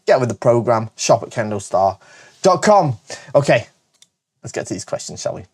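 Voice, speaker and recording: A man with a northern English accent, hosting a casual show where he answers viewer questions, talking fast and chattily with frequent self-corrections. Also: medium pitch, big pitch swings, darkish tone, slightly rough. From Britain. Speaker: host.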